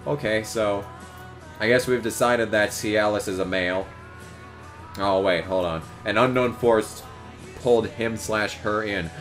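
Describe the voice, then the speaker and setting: A man's voice: on the low side, a little slow, a bit bright, soft background music. A man reading fanfiction aloud for laughs, with sarcastic, profanity-filled commentary between the lines. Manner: sarcastic, swears a lot.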